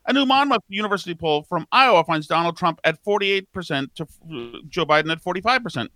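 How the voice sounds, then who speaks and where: A male talk show co-host with a bright, forceful voice pitched a little high. He delivers emphatic, mocking commentary. The sound is dry and close to the mic. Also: big pitch swings, brisk, no room sound.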